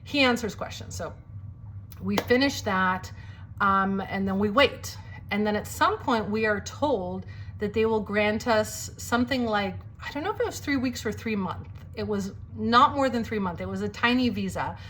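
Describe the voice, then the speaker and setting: A woman's voice: mid-range voice, moderate pace, fairly bright tone, slight background noise. A woman with a slight cold telling a personal faith story in a casual, chatty way, full of "like" fillers and acting out quoted lines. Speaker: storyteller sharing a testimony.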